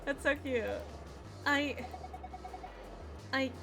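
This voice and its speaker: Woman streamer, high bright voice, unhurried, gushing and chatty, soft music behind. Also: flat delivery. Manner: gushing, giggly, chatty with viewers. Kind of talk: casual gameplay commentary.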